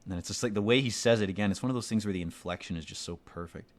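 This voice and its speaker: A man's voice: lowish voice, racing. A man giving rambling, profane, sardonic commentary while playing a video game. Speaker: let's play commentator. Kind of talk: casual gameplay commentary.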